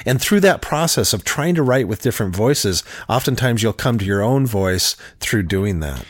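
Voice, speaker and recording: A man co-hosting a writing podcast, telling stories in a relaxed, casual chat with easy laughs. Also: fairly low pitch, moderate pace, no echo, clean studio sound. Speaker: podcast co-host.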